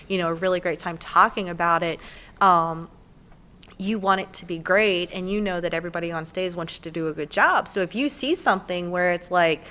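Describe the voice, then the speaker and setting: A woman's voice: on the low side, a bit bright. A young adult woman, a podcast guest, chatting casually and animatedly, often slipping into playful voices when she quotes people. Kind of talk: casual chat.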